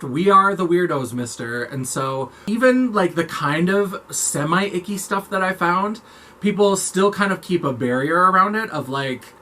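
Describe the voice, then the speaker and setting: Brief: man vlogger, campy chatty delivery, bright forward tone, slightly raised pitch, faint noise under it. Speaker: makeup vlogger. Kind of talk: casual chat to camera.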